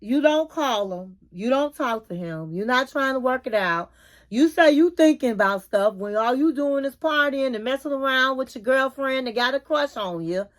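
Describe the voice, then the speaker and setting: Woman vlogger, high voice, blunt and sassy, casual informal recap. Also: animated, normal speed. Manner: informal, colloquial phrasing. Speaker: YouTube reality TV commentator. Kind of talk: casual episode recap and opinion.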